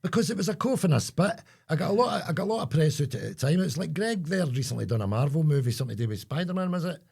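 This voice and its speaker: Speaking very fast with lively intonation, this Scottish podcast co-host has a slightly high, somewhat mellow voice with vocal fry and a bit of roughness. His casual chat rambles, and he frequently drops off mid-sentence while groping for the right word.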